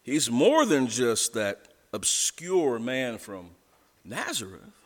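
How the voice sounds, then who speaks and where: A man's voice: mid-range voice, big pitch swings, slow pace. A male pastor preaching a sermon in a church, talking conversationally and chuckling as he tells the story. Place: church sanctuary. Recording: long church reverb.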